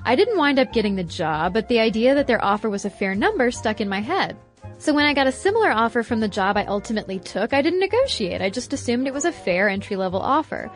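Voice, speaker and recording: A woman podcast co-host reading a listener letter aloud, with lively jumps in her delivery. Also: fast, faint music behind. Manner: expressive reading with animated pitch jumps. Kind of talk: reading listener mail and ads.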